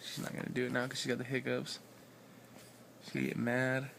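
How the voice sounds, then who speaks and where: A man's voice: mid-range voice, monotone, moderate pace, gravelly, fairly bright tone, slight background noise. A father talking playfully to his baby daughter at home in baby talk, then apologizing to her.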